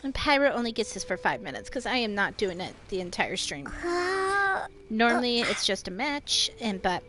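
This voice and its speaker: A woman's voice: mid-range voice, animated, moderate pace, fairly bright tone, a little hiss or hum. A woman streaming a game live, chatting casually with viewers and swearing freely as she plays. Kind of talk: casual live-stream chat while gaming. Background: game music.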